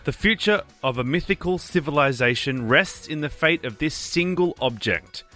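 A man on a radio show, reading movie quiz clues in a clear, measured way. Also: on the high side, animated, sharp tone, faint music behind.

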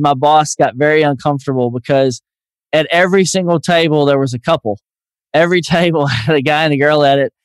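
A man's voice: on the high side, clear, resonant tone, no room sound, studio quality. A man with a Southern US accent hosting a podcast, chatty and upbeat as he tells stories. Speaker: podcast host. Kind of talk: casual interview chat.

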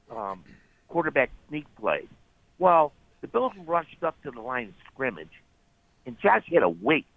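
A man's voice: medium pitch, no echo. A man calling into sports radio, venting and sarcastic. His voice comes through a narrow, phone-like line with a dry sound. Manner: sarcastic, heated complaining. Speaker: caller.

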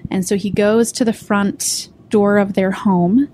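A woman reporter on a podcast, recounting the details of a case in a measured way, with frequent ums. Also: medium pitch, steady tone, warm tone. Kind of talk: podcast discussion.

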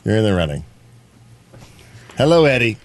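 A man's voice: lowish voice, sing-song, normal speed, slight background noise. A man hosting a radio show, bantering casually and running a caller vote in the studio. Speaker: radio host.

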